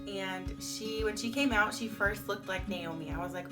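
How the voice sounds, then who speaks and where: A woman's voice: medium pitch, steady tone, moderate pace, over music. A young woman vlogger telling her story in a chatty, candid way, full of "like" fillers. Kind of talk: casual storytime vlog.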